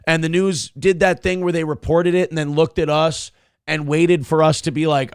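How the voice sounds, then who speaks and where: A man's voice: fairly high pitch, level tone, moderate pace, smooth, no echo, studio quality. A man from Minnesota hosting an internet morning show, reading viewer donations aloud and riffing on the news in a crude, blunt, sarcastic way. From Minnesota, USA.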